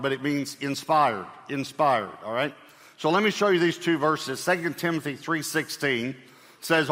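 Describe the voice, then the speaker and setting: A man's voice: on the high side, sharp tone. A man preaching a sermon as pastor, speaking in a conversational way with fillers and light humor. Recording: long hall reverb.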